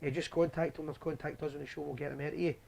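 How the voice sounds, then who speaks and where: A man's voice: fairly high pitch, little pitch movement, rapid-fire, gravelly, darkish tone. A Scottish man hosting a live fan show, chatting and telling stories in a rambling way. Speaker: host. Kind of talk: casual live show chat.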